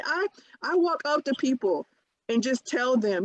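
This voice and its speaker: A woman co-hosting a podcast in casual chat, animated and acting out quotes. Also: high-pitched, a little slow, no room sound. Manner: animated, exclaims "bam", acts out quotes. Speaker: podcast co-host.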